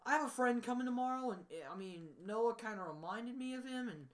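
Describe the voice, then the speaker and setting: A man's voice: extremely high pitch, fairly quick, a bit bright. A man vlogging a casual rant to the camera. He sounds upset and emotional, and he rambles with frequent restarts.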